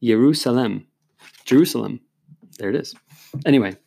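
A man's voice: medium pitch, a little fast, darkish tone, no echo. Chatty man hosting a podcast. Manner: chatty, rambling, explanatory. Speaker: podcast host. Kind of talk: casual chat.

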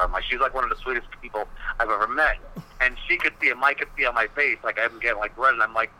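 A man's voice: medium pitch, quick pace, pushed and bright, a little hiss or hum, rough recording. A man, a wrestling personality, telling stories in a casual podcast interview, rambling with many fillers and swearing freely.

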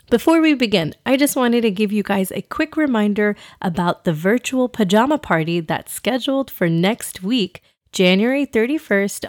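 Recorded with clean studio sound and no room sound, a woman with a mid-range voice narrates a kids' story podcast she hosts. Her delivery is upbeat and warm, and she speaks directly to the children listening.

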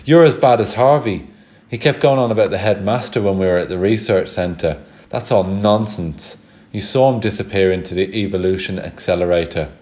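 A man voicing a hot-headed schoolboy in a storybook reading, sharp and sarcastic. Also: low-pitched, a little fast, natural voice. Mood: scornful.

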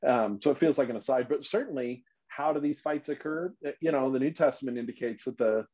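Man, Bible study leader, emphatic, animated, slightly muffled recording. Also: mid-range voice, a little fast. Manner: emphatic, animated, thinks aloud. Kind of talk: casual Bible study teaching.

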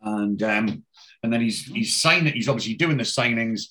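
A man's voice: mid-range voice, normal speed, bright, forceful tone. A man in casual chat, retelling a television episode scene by scene in a rambling way with frequent restarts and swearing.

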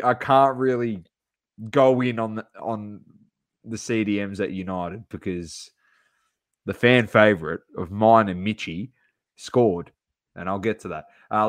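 An excitable man talking football on a podcast, his voice sitting low. He laughs easily and rattles through scores, recorded dry and close to the mic. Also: no room sound. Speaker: podcast co-host. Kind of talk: casual sports chat.

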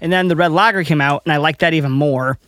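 A chatty man giving his take on a beer, upbeat and talkative. His voice sits a little high and sounds dry and close-miked. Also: fast, fairly bright tone, no echo. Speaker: beer review show co-host. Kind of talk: casual chat.

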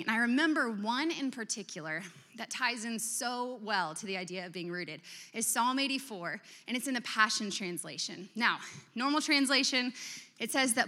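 A woman in her thirties giving a sermon, telling a personal story in an expressive, emotional way. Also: on the high side. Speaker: speaker. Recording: long hall reverb.

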